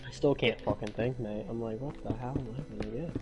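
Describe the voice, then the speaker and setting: A man's voice: mid-range voice, fast, loud music behind the voice, rough recording. A young man chatting profanely and joking while he streams a building game. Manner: profane, joking, loud swings. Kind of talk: casual gaming chat.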